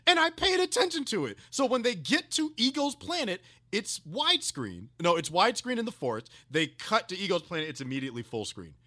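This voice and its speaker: A man co-hosting a podcast, reviewing a movie in animated, sarcastic, profane banter with frequent laughter. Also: high-pitched, fairly quick, hardly any pauses. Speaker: podcast co-host. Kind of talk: casual movie review chat.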